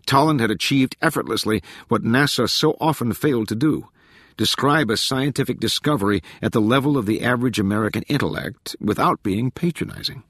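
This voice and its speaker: A man narrating an audiobook in a measured, even reading with a husky voice. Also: medium pitch, dry recording, studio quality. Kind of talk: scripted narration.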